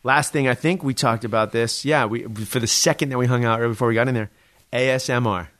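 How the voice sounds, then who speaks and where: A man's voice: mid-range voice, fairly even intonation, fairly quick, a bit bright, no room sound. Man, podcast host, casual chat, laid-back, dry close mic. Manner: laid-back, says "dude" a lot.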